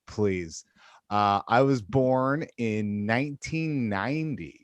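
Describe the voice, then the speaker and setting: A man in his thirties performs stand-up from a small apartment, his voice coming dry and close with little room sound. He rants bluntly and with exasperation, swearing freely, at an ordinary middle pitch. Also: takes it slowly, smooth, no echo. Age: 30s. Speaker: comedian. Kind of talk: stand-up over video call. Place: studio apartment.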